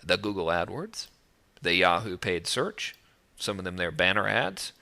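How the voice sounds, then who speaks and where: A man talking straight to the camera about marketing, joking and breezy, with a lively pitch that swings a lot. His tone is bright and forward. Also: measured pace, creaky. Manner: joking, breezy and animated, with playful sound effects. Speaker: online marketing teacher. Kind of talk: casual direct-to-camera marketing talk. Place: outdoors overlooking the ocean.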